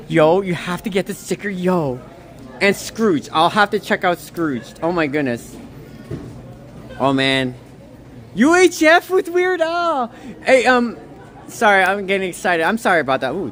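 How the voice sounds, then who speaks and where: Brief: woman streamer, gushy and rambling, big swooping pitch, walking outside with a phone. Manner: excitable, gushing, rambling. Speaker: livestreamer. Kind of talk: walking livestream, reading chat. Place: outdoors on a snowy town walk.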